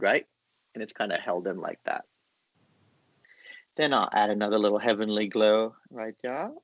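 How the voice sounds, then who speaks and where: A man's voice: lowish voice, gravelly, fairly bright tone, husky, dry recording. A man hosting a casual drawing lesson, explaining each step in a chatty, encouraging way with lots of fillers. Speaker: art class host.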